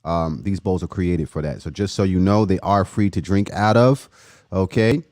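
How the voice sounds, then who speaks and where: A man hosting a casual livestream, chatting loosely and giving shout-outs to viewers by name. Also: sits low, moderate pace, no echo, studio quality. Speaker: livestream host.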